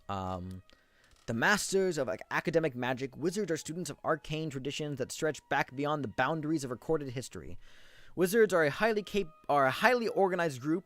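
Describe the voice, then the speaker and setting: A man hosting a casual let's-play, chatting to viewers with many stumbling restarts and reading game text aloud. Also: medium pitch. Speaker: gaming video host.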